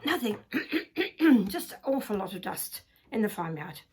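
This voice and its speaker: A woman voicing a fussy black hen who coughs and blames the dust, croaky with high squawks. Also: sing-song, a little slow. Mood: croaky excuse.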